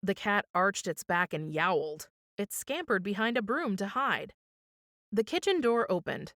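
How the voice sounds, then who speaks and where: Lively woman reading a kids' story. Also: mid-range voice, measured pace, no room sound, clean studio sound. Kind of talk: children's storytime read-aloud.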